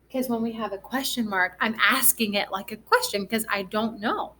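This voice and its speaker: A woman teaching a first grade class through a recorded reading lesson, speaking gently and asking the children encouraging questions. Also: fairly high pitch, moderate pace.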